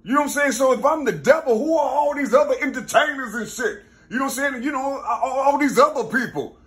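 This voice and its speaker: A man talking in a rambling, casual monologue, full of street slang and constant "you see?" checks, now and then laughing or bursting out loud. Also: very high-pitched, brisk. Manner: street slang, repeats "you see?" and "you know what I'm saying?"; excitable, mixes laughs and sudden loud bursts.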